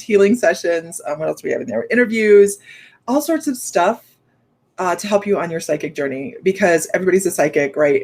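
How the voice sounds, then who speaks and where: A middle-aged woman hosting a casual livestream, chatty and upbeat, reading out viewer comments and laughing often. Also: lowish voice. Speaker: psychic medium livestream host.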